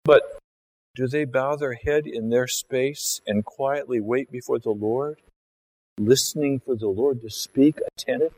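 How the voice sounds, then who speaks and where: Man, pastor, sermon, slow, mid pitch, conversational. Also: darkish tone, poor audio. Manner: conversational, acts out scenes with his body and voice.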